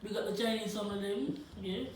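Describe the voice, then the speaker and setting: A woman's voice: medium pitch, fairly quick, slight background noise. A woman chatting with coworkers, hesitant and full of ums. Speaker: coworker guest. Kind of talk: casual group chat. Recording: very echoey room from a distance.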